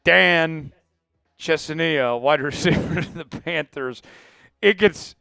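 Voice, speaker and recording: A man's voice: a little high, slow pace, creaky, sharp tone, smooth, no room sound, studio quality, soft background music. A man hosting a live sports news stream, blunt and opinionated, rattling off news items while worn out after hours of live coverage. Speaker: sports show host.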